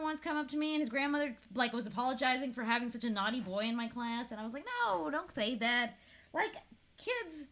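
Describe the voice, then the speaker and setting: A bright, animated woman in her thirties from Florida chats casually to her camera. Her pitch swings widely as she tells stories, laughing often and swearing without a second thought. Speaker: vlogger.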